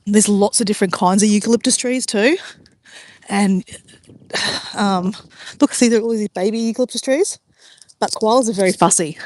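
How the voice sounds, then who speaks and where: A woman's voice: medium pitch, darkish tone. A middle-aged Australian woman chatting casually to viewers as she walks an outdoor track. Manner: chatty and rambling, talks while walking outdoors. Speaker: vlogger. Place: outdoor walking track by a river.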